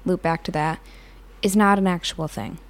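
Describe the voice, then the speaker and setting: A woman's voice: lowish voice, fairly even intonation, moderate pace. A young woman guesting on a podcast, chatting casually with dry, matter-of-fact humor. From North Country, New York. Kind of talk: casual chat.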